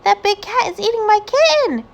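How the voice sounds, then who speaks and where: Amelia Bedelia, a woman voicing a bright housekeeper. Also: a little high, big pitch swings, measured pace, pitched above the performer's own voice, heavily acted. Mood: earnest. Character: cheerful literal-minded adult housekeeper woman.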